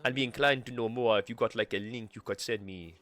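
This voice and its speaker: A man's voice: medium pitch, quick pace, fairly bright tone. A man live-streaming a game, chatting casually with himself and swearing freely as he plays. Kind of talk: casual gameplay commentary.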